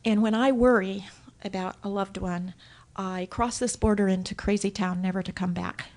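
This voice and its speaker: A woman giving a personal story share at a recovery meeting, animated and acting out her own thoughts as she tells it. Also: mid-range voice, moderate pace. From Southern California. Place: hotel conference room.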